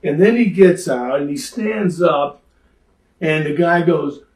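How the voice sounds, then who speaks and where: An older man, once a pro wrestler, recounts his stories with animated, playful energy and slips into the voices of the people in them. His voice sits somewhat high for a man. He sounds set back from the microphone, with a roomy echo around him. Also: slow, far from the mic. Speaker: former pro wrestler, interview guest. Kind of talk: lively anecdotal storytelling. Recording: roomy echo, speaker off-mic.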